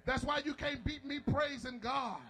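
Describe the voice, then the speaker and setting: A man preaching a sermon with call and response, shouting and half-singing at the peaks, telling folksy stories in plain, colloquial talk. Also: very high voice, fairly even intonation, normal speed, low-quality recording.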